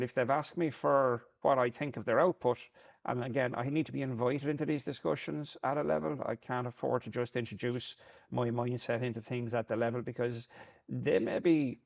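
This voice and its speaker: A man's voice: medium pitch, steady tone, normal speed, gravelly, highs cut off. A man, a Paralympic sport shooter, talking through his thoughts in a plain-spoken reflective monologue, often repeating words as he thinks.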